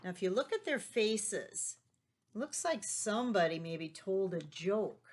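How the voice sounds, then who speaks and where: A woman's voice: mid-range voice, animated, unhurried. Patient woman teaching young children. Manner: patient, leading with tag questions. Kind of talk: remote class lesson for young children.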